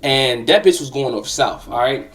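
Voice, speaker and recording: A man's voice: mid-range voice, normal speed, a bit bright, recorded from a distance. A young man casually telling a personal story, slangy and profane, talking straight to the listener.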